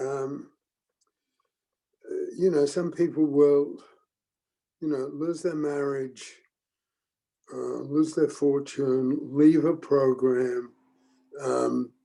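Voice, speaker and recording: An older man talks slowly and thoughtfully to a group, with frequent pauses and restarts. His voice is gravelly and husky, with a dark, mellow tone. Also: mid-range voice, poor audio. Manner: slow, halting, with many ums and restarts. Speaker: teacher leading a forum. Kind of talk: reflective group teaching talk.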